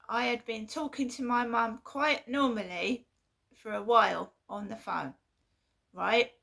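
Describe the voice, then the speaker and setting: Gravelly woman, aggrieved vlog monologue. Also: on the high side, pushed and bright. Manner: halting, repeats herself, aggrieved. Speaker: vlogger. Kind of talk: casual personal monologue.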